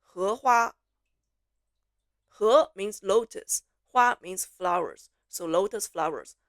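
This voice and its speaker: Slow, deliberate woman teaching pronunciation. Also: medium pitch, no echo, studio quality. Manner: slow, clear repetition, drawn-out syllables for learners. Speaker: Mandarin teacher. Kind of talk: pronunciation lesson with drills.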